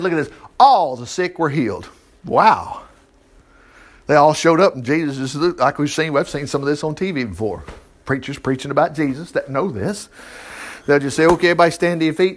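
Guy doing a chatty bible study, kinda high voice that bounces all over, chuckles a lot. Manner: folksy, chuckling, acts out quoted voices. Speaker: preacher. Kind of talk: informal Bible teaching.

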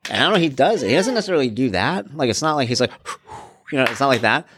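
A middle-aged podcast host talks solo in a casual, rambling, affectionate way, often cutting himself off mid-sentence. His mid-range voice moves quickly with lively intonation, and there's noise in the background.

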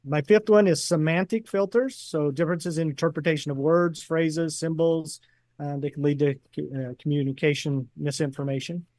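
Guy on a podcast going thru his list, kinda high voice, dry close sound. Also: fairly even intonation, moderate pace, darkish tone, no echo. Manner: explains points in a numbered list. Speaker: podcast guest. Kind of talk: casual chat.

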